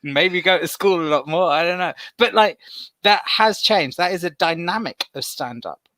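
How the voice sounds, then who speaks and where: A man with a bright, forceful voice and a fairly high pitch tells animated stories as a comedian on a video call. His sound is dry and close, with no room around it. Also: normal speed, no room sound. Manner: animated storyteller, playful swearing. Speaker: comedian guest. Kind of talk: casual panel chat.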